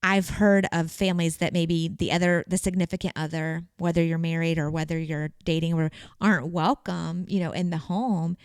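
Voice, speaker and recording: Earnest woman co-host, gentle and low. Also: flat delivery, normal speed, few pauses, smooth, no room sound. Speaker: podcast co-host. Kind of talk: casual conversation.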